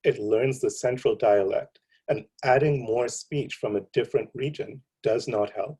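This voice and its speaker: A man, a computer science professor, giving a seminar lecture in a relaxed, conversational way, full of ums and you-knows. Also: mid-range voice, unhurried, husky, rough recording.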